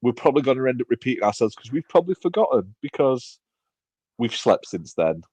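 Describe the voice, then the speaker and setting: A man's voice: medium pitch, big pitch swings, fairly quick, a little mellow, slightly rough, no echo. A man co-hosting a podcast in casual chat, rambling with restarts and self-deprecating jokes. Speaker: podcast co-host.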